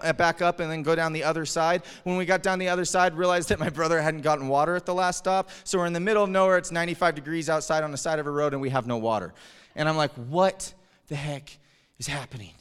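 Male pastor, storytelling sermon, clear voice, long hall reverb. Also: high voice. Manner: animated, chuckling storyteller. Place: church hall.

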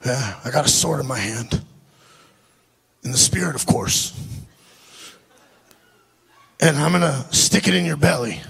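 A man voicing an intense older male prophet, making slow, heavy declarations in a put-on accent. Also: mid-range voice, expressive, vocal fry, a bit bright, husky, voice pushed down, heavily acted. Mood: menacing.

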